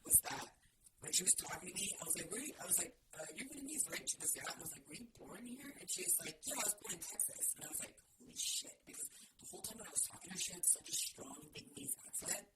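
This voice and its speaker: A woman's voice: lowish voice, expressive, very fast. A woman, co-hosting a podcast in casual chat and telling blunt, swear-filled stories. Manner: swears a lot, blunt storyteller. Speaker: podcast co-host. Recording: noisy podcast recording.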